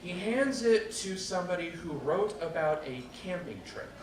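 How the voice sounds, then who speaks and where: Animated man telling a story on stage. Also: high voice, moderate pace, crowd noise. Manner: animated and wry, acts out quotes. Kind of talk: personal storytelling at a live event. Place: stage at a public storytelling night. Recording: echoey room, distant mic, background noise.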